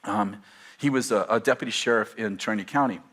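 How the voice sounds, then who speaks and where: A middle-aged male pastor telling a story from the pulpit, lively and laughing at himself. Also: fairly low pitch, quick pace. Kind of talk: storytelling sermon.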